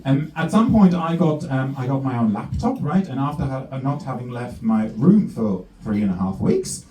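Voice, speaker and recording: A man's voice: medium pitch, very animated, moderate pace, warm tone, slight background noise. A young man from Switzerland with a Swiss German accent, doing a teasing, self-mocking stand-up set and talking to the crowd. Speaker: stand-up comedian. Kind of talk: stand-up routine. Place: comedy club stage with a laughing audience. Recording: roomy club sound, distant mic, crowd laughter.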